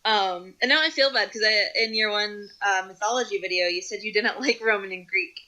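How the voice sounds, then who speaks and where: A woman's voice: mid-range voice, a little fast, bright, forceful tone. A woman from the United States co-hosting a podcast in casual chat, with a wry, teasing manner as she steers the talk. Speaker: podcast co-host.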